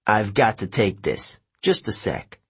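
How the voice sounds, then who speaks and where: Man playing a calm, weary courier. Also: on the low side, measured pace, slightly rough, heavily acted. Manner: relaxed and easygoing, a little weary.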